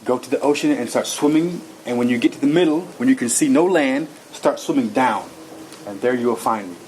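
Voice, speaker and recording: A man's voice: mid-range voice, fairly quick, a little mellow, natural voice. A man giving a grave divine male voice. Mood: solemn. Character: solemn divine male voice calling from the abyss. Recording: noisy recording.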